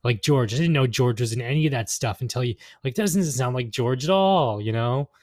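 A man's voice: medium pitch, brisk, no echo, clean studio sound. A man co-hosting a podcast, talking in a rambling, agreeable way with lots of fillers. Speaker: podcast co-host. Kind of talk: casual podcast chat.

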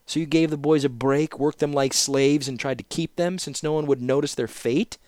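Stern bossy lady scholar, a guy doing her, sharp and scolding, raised pitch, dry sound. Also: steady tone, normal speed, dry recording, lightly acted. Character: stern older female scholar, commanding.

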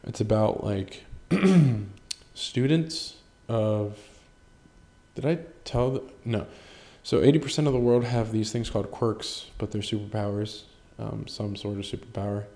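A man with a fairly low, gravelly voice chats on his own podcast. His tone is dark and relaxed as he rambles, swears freely and pokes fun at himself. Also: a little slow. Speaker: podcast host. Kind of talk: casual solo podcast chat.

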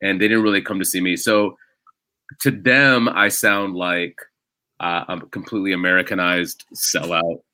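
A man's voice: low-pitched, steady tone, normal speed, pushed and bright, no room sound. A man, a stand-up comedian, telling stories in a casual podcast chat and laughing as he talks.

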